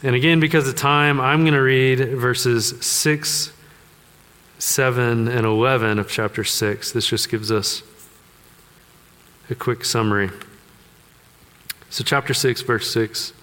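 A man's voice: mid-range voice, steady tone, measured pace, pauses often, a bit bright, clear, resonant tone. A man preaching a sermon, conversational and joking with the congregation. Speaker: pastor. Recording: long hall reverb.

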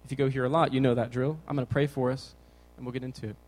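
A young youth pastor gives a casual, jokey sermon to teenagers, talking with energy and bouncing around from point to point. His medium-pitched voice races along on a rough recording.

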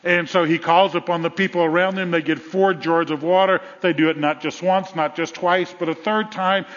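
A pastor with a Southern US accent preaching a sermon in a church, retelling a story with animated repetition. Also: male voice, a little high, normal speed. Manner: animated storytelling with repeated phrases. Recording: echoey hall, dull lo-fi sound.

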